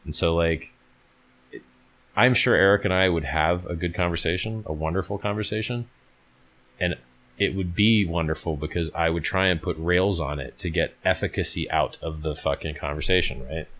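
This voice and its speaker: Very deep-voiced blunt man. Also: normal speed, fairly bright tone. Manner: blunt, profane, reads viewer questions aloud. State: tired. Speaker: livestream host answering chat. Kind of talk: casual livestream chat.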